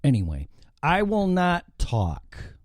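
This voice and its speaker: A man's voice: a little high, wildly swooping pitch, slow. A man hosting a live opinionated talk show from an indoor studio, rambling and swearing freely. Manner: profane, rambling and ranting.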